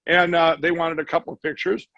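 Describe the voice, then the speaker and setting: A man's voice: a little high, little pitch movement, fairly quick, gravelly, fairly bright tone, dry recording. Guy guest rambling through a story, acts out what everyone said, dry slightly dull audio. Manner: rambling, acts out quoted dialogue. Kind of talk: storytelling in a conversation.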